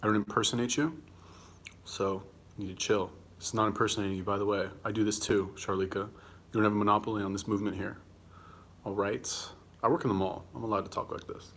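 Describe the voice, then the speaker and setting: A man's voice: on the low side, fairly even intonation, fast talker, a bit bright. A young man hosting a casual livestream, answering viewer comments bluntly and combatively, swearing freely and talking while he eats. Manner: talks while eating.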